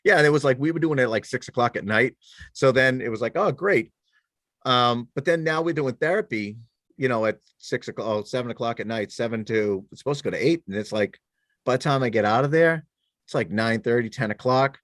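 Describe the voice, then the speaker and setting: Middle-aged male ex-cop guest, animated self-deprecating storyteller, dead-dry studio sound. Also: mid-range voice, fast talker, dry recording. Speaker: guest, former police officer and military veteran. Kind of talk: casual podcast conversation.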